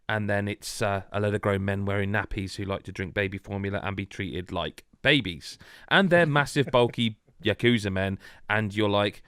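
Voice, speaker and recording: British man, podcast host, animated storyteller, dry close sound, remote call. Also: fairly low pitch, moderate pace, few pauses, clear, resonant tone, no echo. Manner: animated storytelling, laughing asides. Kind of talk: casual podcast chat. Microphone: remote video call.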